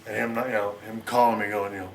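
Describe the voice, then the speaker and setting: A middle-aged American man in a sit-down interview, telling a long story in a rapid, rambling way and acting out what others said. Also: lowish voice, level tone, a little hiss or hum. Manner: rapid, rambling, acts out quoted lines.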